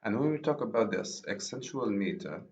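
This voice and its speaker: A lower-pitched man whose first language is Arabic lectures on poetry, slowly restating each point. His voice sounds roomy and echoey. The recording is dull and lo-fi. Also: expressive, a little mellow. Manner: explains slowly, repeats and rephrases himself. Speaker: university lecturer.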